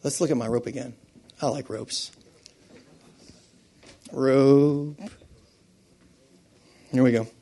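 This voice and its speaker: A man preaching a sermon with animated delivery, swinging between loud emphasis and quiet asides and laughing often. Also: medium pitch, fast talker, vocal fry, breathy edge.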